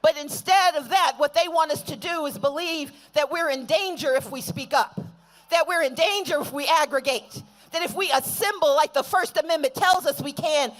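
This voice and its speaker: A woman speaking at a rally, leading call-and-response chants that build to shouts. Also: sits high. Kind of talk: fiery political rally speech.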